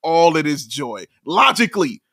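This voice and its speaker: A man co-hosting a sports podcast in casual chat, excitable and emphatic, often laughing. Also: on the high side, normal speed, creaky, a little hiss or hum. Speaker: podcast co-host.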